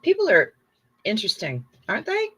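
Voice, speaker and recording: A woman's voice: medium pitch, wildly swooping pitch, fairly quick, fairly bright tone, slightly rough. A middle-aged woman hosting a livestream in casual chat, effusive and chatty as she reads viewer comments aloud. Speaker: livestream host.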